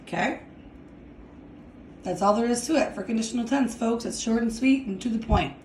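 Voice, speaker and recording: A woman's voice: fairly high pitch, a little mellow, reverberant, slight background noise. A woman teaching a Spanish grammar lesson, explaining step by step and often checking in with "okay?" while she writes. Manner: slow, deliberate, repeats "okay?" to check understanding.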